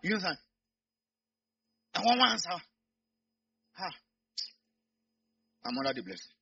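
A man with a Nigerian accent preaching a sermon, swinging from quiet asides to loud shouts. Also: high-pitched, sing-song, takes it slowly, creaky, dull audio, a little hiss or hum.

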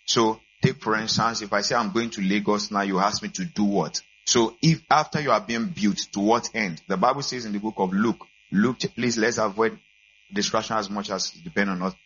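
A man, a pastor giving a sermon to his church and building to loud preaching. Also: a little fast, a little hiss or hum. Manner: builds from calm welcome to loud, high-pitched preaching. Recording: dull lo-fi church recording.

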